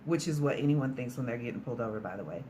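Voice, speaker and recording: A woman's voice: extremely low pitch, expressive, very fast, warm tone, slight background noise. A woman casually recapping a film's plot in a chatty, storytelling way, sprinkled with "like" and mild swearing. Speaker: movie reviewer.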